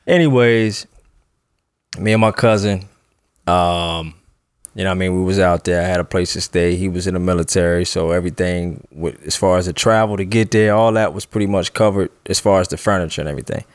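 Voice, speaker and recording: A man's voice: low-pitched, steady tone, brisk, dry recording. A young man telling a personal story in a loose, slangy, casual way, often breaking into laughter.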